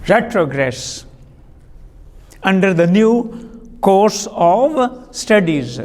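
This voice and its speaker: Spelling out words and repeating sentences for dictation, a male teacher runs a deliberate vocabulary lesson in class. He's high-pitched with lively intonation, and the room leaves a long reverb tail.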